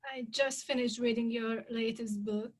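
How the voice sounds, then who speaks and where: Woman interviewer with a flat, higher voice. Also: moderate pace. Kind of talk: interview questions.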